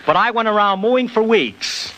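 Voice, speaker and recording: A man's voice: sits high, expressive, moderate pace, bright, forceful tone, a little hiss or hum, poor audio. A man as a guest on a scripted vintage radio interview, explaining his craft in a jokey way.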